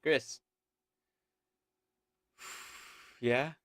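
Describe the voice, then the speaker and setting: A woman streamer reacting loudly and playfully while playing a game, out of breath. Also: drawn-out words, dry recording, studio quality. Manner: animated, exclamatory, playful. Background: music.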